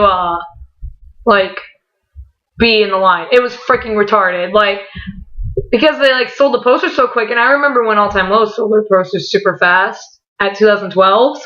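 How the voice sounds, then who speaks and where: A woman vlogger telling a story casually, excitable and full of swearing as she acts out what people said. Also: mid-range voice, normal speed. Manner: excitable, profanity-laden, quoting voices. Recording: dull lo-fi recording.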